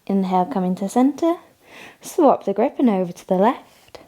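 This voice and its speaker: A woman leading a morning yoga class, giving calm step-by-step cues and frequent praise. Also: mid-range voice, moderate pace. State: has the hiccups. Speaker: yoga instructor. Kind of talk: guided yoga class instruction.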